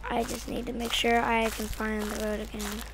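High-voiced jumpy gamer woman, noisy recording. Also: completely flat delivery, normal speed. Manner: jumpy, talks back to the monster, swings between whispers and loud taunts. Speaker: gaming channel host. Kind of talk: horror game commentary. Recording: noisy background hiss.

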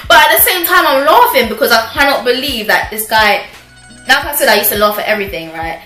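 A young woman with a bright, high-leaning voice tells a casual storytime for her channel. She talks in an animated, chatty way, often breaking into laughs. The room echoes around her, with faint music underneath. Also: normal speed. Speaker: vlogger. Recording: roomy echo with faint music.

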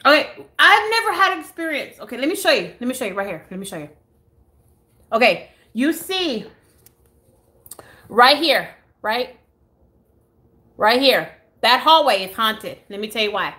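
An American woman vlogging live from her home on a phone camera, telling a story in a casual, animated way, swearing freely and acting out what others said. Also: fairly high pitch, a little slow, pauses often. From United States. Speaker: beauty vlogger.

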